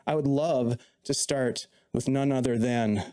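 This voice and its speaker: Male DM and host, mellow and dark-toned, jokey and teasing. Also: medium pitch, steady tone, unhurried, clean tone. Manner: playful, teasing banter. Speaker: dungeon master and host. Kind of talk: casual podcast chat.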